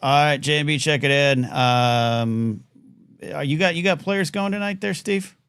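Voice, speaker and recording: A man hosting a live call-in talk show, rambling in a casual, animated way with frequent stammering restarts. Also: fairly high pitch, measured pace, clean tone, no room sound, studio quality.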